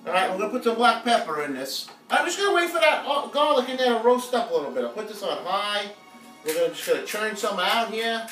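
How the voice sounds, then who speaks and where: A man's voice: high-pitched, very animated, fast talker, a bit bright. A man hosting a live home cooking stream, chatting playfully and joking with viewers as he cooks. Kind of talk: casual live cooking chat. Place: home kitchen. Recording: echoey room, mic at a distance, music playing faintly.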